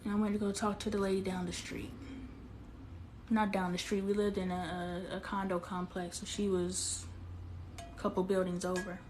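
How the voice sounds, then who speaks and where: A woman's voice: medium pitch, little pitch movement, normal speed, darkish tone, a little hiss or hum. Candid woman host on a phone live stream. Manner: emotional, confiding, talks straight to viewers; reads and answers viewer comments aloud.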